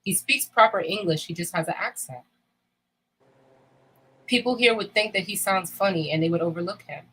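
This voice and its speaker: A woman's voice: on the low side, moderate pace, a bit bright, breathy edge, rough recording. A woman in candid casual chat, talking bluntly and emphatically with frequent swearing. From United States.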